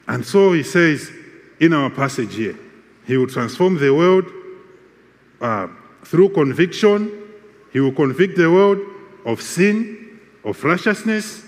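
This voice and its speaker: A man preaching a sermon with a measured, emphatic delivery and repeated phrases. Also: a little high, big-room sound.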